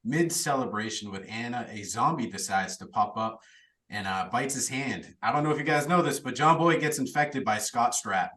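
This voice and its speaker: A man's voice: medium pitch, normal speed, bright, forceful tone, recorded from a distance, poor audio. A man hosting a podcast, chatty and laughing now and then as he recaps a plot. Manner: chatty, laughs while telling the story. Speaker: podcast host recapping a film.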